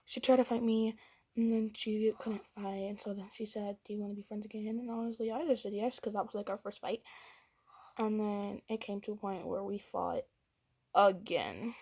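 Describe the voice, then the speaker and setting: A medium-pitched, warm, slightly rough woman's voice holds a steady tone at normal speed. The young speaker delivers a dramatic storytime vlog about a fight, full of whispered asides and quotes voiced in character.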